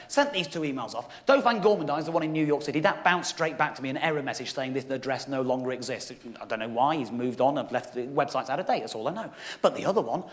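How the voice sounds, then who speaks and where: Animated high-voiced man on stage. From England. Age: 30s. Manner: animated, acts out dialogue with rising shouty pitch. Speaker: stand-up comedian. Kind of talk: stand-up storytelling. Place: theatre stage with live audience. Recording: live hall with long reverb. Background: audience laughter.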